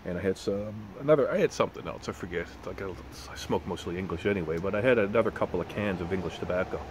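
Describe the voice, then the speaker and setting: A man with a very low, deep voice rambles through a casual vlog, restarting sentences and dropping curses as he goes. Faint road noise hums behind him. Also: fast talker, low-quality recording. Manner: rambling, profane, self-correcting. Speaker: pipe tobacco vlogger.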